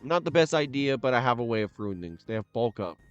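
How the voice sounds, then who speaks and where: A man's voice: mid-range voice, very animated, fast, dry recording, muffled recording, faint music behind. A young man giving casual play-by-play commentary on his own competitive match, talking through each move under his breath. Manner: muttered play-by-play, bursts into loud frustrated shouts. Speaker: gaming commentator. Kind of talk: live game commentary.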